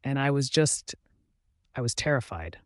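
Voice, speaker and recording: A man doing a soft tearful young woman. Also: medium pitch, expressive, moderate pace, dry recording, studio quality, natural voice. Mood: scared. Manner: soft, sobbing.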